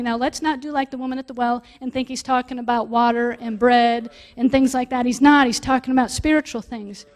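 A woman preaching a sermon, reading scripture aloud and stopping to explain it, growing louder on key points. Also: high voice, fairly even intonation, moderate pace. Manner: reads scripture aloud and breaks off to explain it, rising with emphasis.

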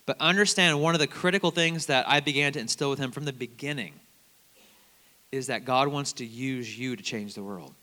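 A man preaching a conversational sermon as a campus minister, telling stories in an animated way and quoting other people's words. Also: mid-range voice, a little fast. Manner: conversational, animated storytelling with quoted voices. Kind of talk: sermon with storytelling. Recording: long hall reverb.

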